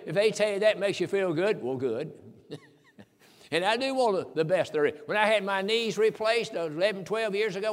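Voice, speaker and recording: An older male preacher with a notably high voice delivers an earnest sermon, driving his points home by repeating key phrases. His words ring out with a long reverb, as in a large church hall. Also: fairly bright tone.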